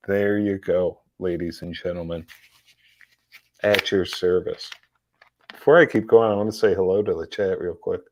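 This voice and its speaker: Speaking at normal speed in a fairly low voice with no echo, this man hosts a live-streamed political commentary show. His tone is sarcastic and mocking, broken by frequent laughter and restarts where he repeats words.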